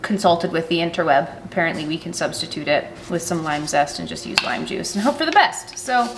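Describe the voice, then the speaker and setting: A woman's voice: sits low, animated, brisk, noisy background. A woman chatting casually as a vlogger in her home kitchen, bubbly and self-deprecating, talking into a handheld vlog camera.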